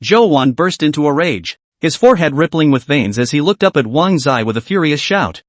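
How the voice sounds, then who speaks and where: A man's voice: a little high, big pitch swings, brisk, hardly any pauses, dry recording. A man reading a scripted comic story recap with dramatic, clipped exclamations. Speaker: narrator.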